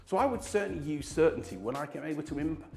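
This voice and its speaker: A man's voice: on the high side, expressive, fast talker, gravelly, a little mellow. A man teaching sales, acting out sample lines to show different tones of voice. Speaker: sales trainer. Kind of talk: instructional talk to camera. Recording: roomy sound with faint music.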